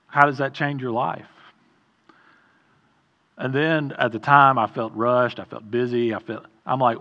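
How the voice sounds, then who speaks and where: A man's voice: medium pitch, steady tone, unhurried, pauses often, muffled recording. A middle-aged man preaching an informal sermon in a conversational way, often stopping, restarting and adding asides.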